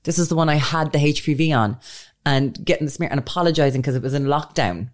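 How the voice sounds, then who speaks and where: A woman's voice: deep voice, fast talker. An Irish woman co-hosting a podcast, chatting casually and retelling stories with dramatic flair. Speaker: podcast co-host. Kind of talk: casual chat.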